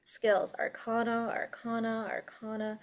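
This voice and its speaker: A woman's voice: on the high side, completely flat delivery, a little slow. A woman playing a tabletop game, speaking for her character in a playful, childlike way. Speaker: player. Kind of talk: casual in-character play.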